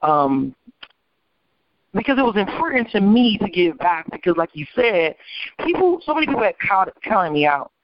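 Lady guest telling her life story, lively, does the voices of people in it, kinda muffled dry recording. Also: medium pitch, normal speed, no echo. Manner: animated, acts out quoted people. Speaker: guest, attorney. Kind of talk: personal storytelling in an interview.

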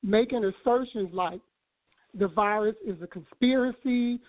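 A woman calling in to a radio show, speaking in an earnest, measured way with some fillers. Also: medium pitch. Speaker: caller, host's aunt. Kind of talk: call-in radio opinion. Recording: tinny phone line.

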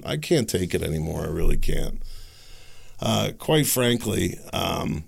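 A man hosting an opinion podcast, talking in an agitated, sarcastic rant full of rhetorical questions and halting restarts. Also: low voice, lively intonation, creaky, fairly bright tone, slightly rough. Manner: agitated, ranting with sarcastic laughs. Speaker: podcast host.

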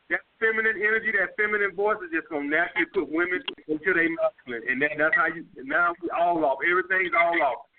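A man's voice: on the high side, a little hiss or hum. A man with a New York accent hosting a call-in dating advice show, blunt and profane, repeating his points. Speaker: dating coach host. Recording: phone-line call-in audio.

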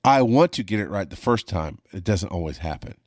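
Frank, low-voiced man talking candidly. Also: expressive, a little fast, dry recording, studio quality. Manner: frank, emphatic, swears freely. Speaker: podcast host and paramedic. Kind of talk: candid podcast monologue. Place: home studio. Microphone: studio mic on a video call.

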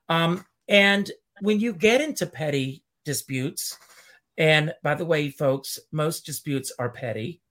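A man's voice: on the high side, slow. Upbeat man hosting a chat show. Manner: animated, addresses the audience directly. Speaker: host. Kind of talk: casual chat show interview.

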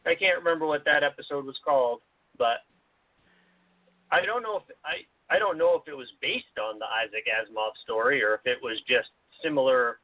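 A man's voice: mid-range voice, normal speed, dry recording. A man co-hosting a podcast in casual chat, laughing often and restarting his sentences. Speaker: podcast co-host. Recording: tinny phone-like dry sound.

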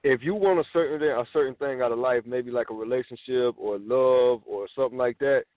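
A man's voice: medium pitch, no room sound. A man co-hosting a casual talk radio show, rambling and philosophizing with plenty of swearing. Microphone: phone in hand. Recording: tinny phone-line sound, dry.

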